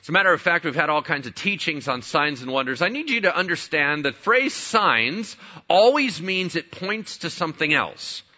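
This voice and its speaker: A man's voice: fairly high pitch, sing-song, moderate pace, sharp tone, dull audio. A man preaching a sermon as pastor, conversational, with rhetorical questions and playful asides.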